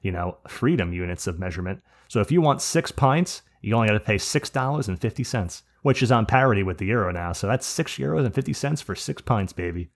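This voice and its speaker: Man, podcast host, rambling and profane, lowish voice. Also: animated, brisk, few pauses. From New Jersey. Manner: rambling, profane, frequent restarts and laughs. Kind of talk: casual podcast storytelling.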